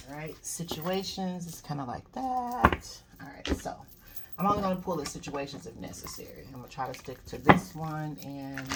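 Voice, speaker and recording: A woman doing a casual tarot reading, chatty and drawn-out, often trailing off into soft murmurs. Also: low-pitched. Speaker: tarot reader. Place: home reading space. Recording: loud background noise.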